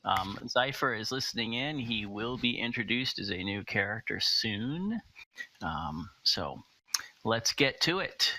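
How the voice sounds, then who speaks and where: Brief: male game master, gravelly, bright-toned, slow and halting. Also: medium pitch, animated, a little hiss or hum. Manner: hesitant, many ums. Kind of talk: narrating a tabletop game.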